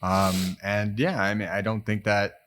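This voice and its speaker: A man with a fairly low voice hosts a podcast conversation. He speaks reflectively, thinking aloud with pauses and fillers as he responds to his guest. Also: flat delivery, fairly bright tone, slight background noise. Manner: reflective, thoughtful, uses many fillers. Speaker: podcast host. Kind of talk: conversational interview.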